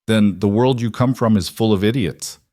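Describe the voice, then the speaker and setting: A man's voice: lowish voice, normal speed, warm tone, dry recording, clean studio sound, close to an everyday voice. A man voicing a blunt, grieving widowed cowboy who speaks tersely, read as a storybook.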